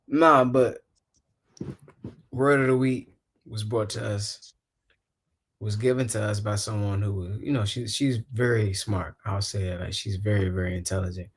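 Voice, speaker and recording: A man's voice: fairly low pitch, steady tone, normal speed, husky. Laid-back rambling man on a podcast. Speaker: podcast host. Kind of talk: casual podcast chat.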